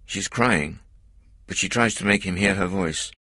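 A man narrating a graded-reader story in a clear, lively reading voice. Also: low-pitched, unhurried, no room sound, clean studio sound. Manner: lively, plain reading for learners.

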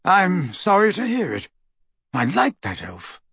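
A man reading an audiobook voices a gruff, scornful old male barman who talks bluntly and sarcastically. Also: high voice, wildly swooping pitch, measured pace, a bit bright, no room sound, clean studio sound, voice pushed up, heavily acted.

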